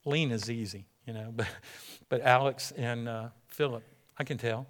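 A middle-aged man preaching a sermon as pastor, animated and acting out the people he quotes. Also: medium pitch, moderate pace.

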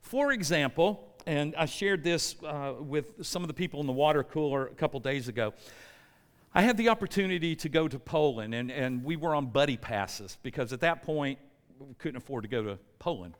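An American preacher delivering a lively sermon in a church, telling a story with energy and pulling the congregation in. His speaking voice sits on the higher side for a man. A long hall reverb hangs after his words. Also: normal speed. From United States. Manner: animated storyteller, often checks in with the congregation.

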